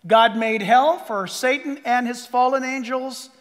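A man preaching a sermon to a church congregation, with a rather high voice. He is animated, acting out little voices and then dropping to a hush for emphasis. The sound rings with the long reverb of a big sanctuary. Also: unhurried. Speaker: pastor.

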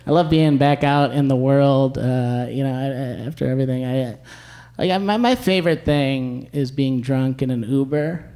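A young man performing a stand-up comedy set, with a dry, wry delivery and quick asides, recorded live with audience laughter behind him. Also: mid-range voice, mellow.

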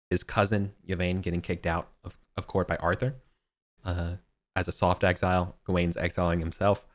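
A young man running a tabletop game as game master, talking casually with many fillers and restarts. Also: sits low. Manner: casual, halting, lots of fillers.

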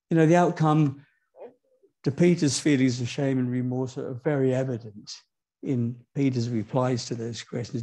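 A man preaching a sermon in a church, moving from quiet, low asides to high, emphatic lines and putting questions to the congregation. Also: normal speed.

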